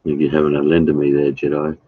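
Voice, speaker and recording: Male streamer, very low husky voice, blunt and sweary, casual chat with viewers, dry dull lo-fi sound. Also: monotone, no echo. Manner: blunt and profane, halting with fillers. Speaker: live streamer chatting with viewers.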